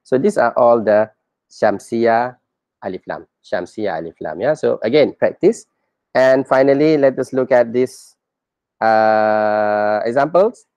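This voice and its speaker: A man's voice: mid-range voice, lively intonation, a little slow, darkish tone, no room sound. A man teaching a reading lesson, patiently saying each example several times and quizzing his learners as he goes.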